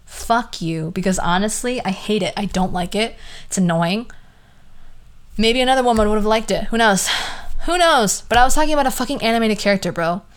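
A woman's voice: mid-range voice, fast, clean tone. A young woman hosting a podcast, ranting casually in an exasperated, sarcastic way, swearing freely and trailing off into asides. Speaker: podcast host.

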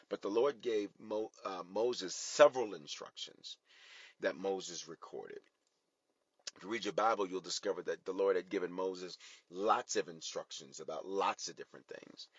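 A man preaching a sermon to an online congregation, swinging between loud and soft, and briefly acting out voices in the dialogues he tells. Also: fairly low pitch, husky, no room sound, highs cut off. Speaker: bishop, pastor.

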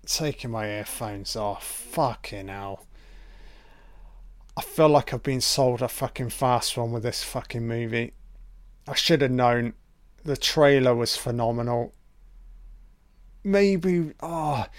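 A man's voice: mid-range voice, no echo. A man giving a profane, sarcastic film commentary, ranting in exasperation. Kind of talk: audio commentary rant.

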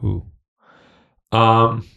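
Laid-back young man, lowish voice. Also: level tone, very slow, gravelly, pushed and bright, muffled recording. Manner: laid-back, full of "like" and "dude". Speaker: podcast co-host. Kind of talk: casual chat.

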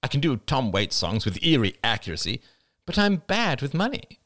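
A man's voice: medium pitch, big pitch swings, normal speed, a bit bright, no echo, voice pushed up. A proud, ailing middle-aged woman, put on by a male audiobook narrator, once a famous reporter, who snaps and grandstands in a theatrical way. Her voice is raised and swoops widely, and it sounds close and dry. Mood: rueful. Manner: brash, snappish, theatrical.

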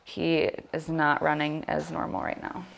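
A woman's voice: sits low, little pitch movement, a little slow, gravelly. A woman co-hosting alongside her partner, chatting candidly and casually. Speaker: co-host, host's partner. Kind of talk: casual chat.

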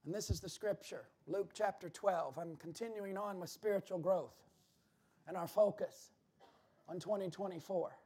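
A pastor preaching a sermon in church, building to shouted emphasis and dropping into quick asides to the congregation. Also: male voice, high voice, breathy edge.

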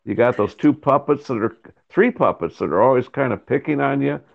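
A man's voice: medium pitch, fairly quick, creaky, highs cut off. A male host who jokes and teases his guest in casual chat. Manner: teasing, joking interviewer.

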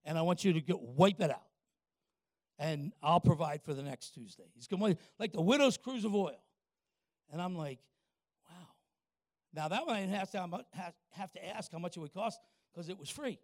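An older man, a pastor telling a folksy story in a sermon and asking the congregation quick questions. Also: sits high, no echo, clean studio sound.

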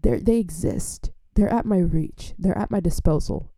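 A woman giving a casual sermon from home into a microphone, telling her testimony in a rambling, animated way full of fillers. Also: on the low side, moderate pace, no room sound, clean studio sound. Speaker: preacher sharing testimony. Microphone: studio microphone.

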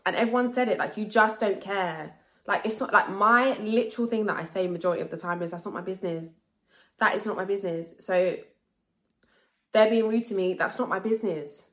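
A woman in her thirties, slightly tipsy, hosting a casual solo podcast chat, talking fast and frankly, swearing freely and repeating herself for emphasis. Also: lowish voice, fairly bright tone. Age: 30s. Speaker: podcast host.

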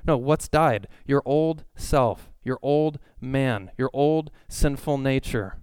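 A young male pastor preaching earnestly, driving his points home through repeated phrases. His voice is smooth and resonant, at a middle pitch. The recording is dry and close, with no room sound. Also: slow, darkish tone, no room sound. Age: young adult. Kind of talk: sermon.

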